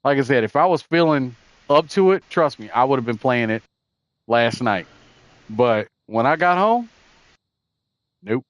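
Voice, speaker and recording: A man's voice: mid-range voice, animated, measured pace, pauses often, dry recording. A man co-hosting a podcast, chatting about games in a laid-back, slangy way. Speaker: podcast co-host. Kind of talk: casual gaming chat.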